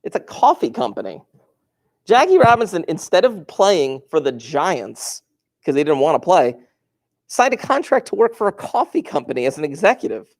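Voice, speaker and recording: A man's voice: a little high, very animated, moderate pace. A male teacher talks casually to his class, wandering off into stories and asking the students questions. He moves around the classroom as he talks, so his voice sometimes drifts away from the microphone. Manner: chatty, digressive, asks the class questions. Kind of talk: classroom lecture, storytelling.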